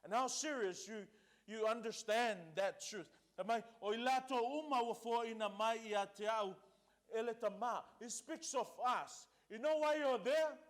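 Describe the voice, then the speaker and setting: Preaching a sermon from the pulpit, this pastor speaks at a moderate pace in a voice that sits high for a man. He alternates between two languages and leans on emphatic repetition to press his points.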